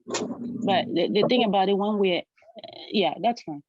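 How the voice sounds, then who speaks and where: A woman's voice: mid-range voice, a little slow, no echo. Hesitant woman, lots of ums and restarts, dry muffled lo-fi sound. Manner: hesitant, full of fillers and restarts. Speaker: discussion guest. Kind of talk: casual discussion.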